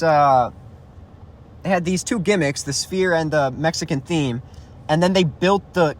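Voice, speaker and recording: A man with a high-pitched voice, on a fired-up, casual rant. He swears often, trips over his words and keeps restarting his sentences. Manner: profane, repeats and restarts himself, calls listener dude. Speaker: YouTuber ranting about MMA.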